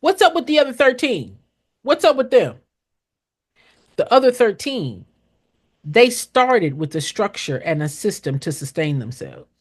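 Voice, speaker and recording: Middle-aged woman consultant: direct, emphatic teacher with a lively, higher-pitched delivery and preacher-like repetition. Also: measured pace, long pauses. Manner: blunt, emphatic, preachy, repeats key lines. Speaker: nonprofit consultant. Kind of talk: direct live-stream teaching to viewers.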